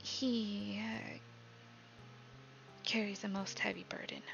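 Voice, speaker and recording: A woman voicing a gentle, worried female warlock patron in a whispered role-play, hushed and halting. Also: medium pitch, level tone, gravelly, dull audio, faint music behind. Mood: troubled. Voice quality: hushed, soft-spoken with halting pauses.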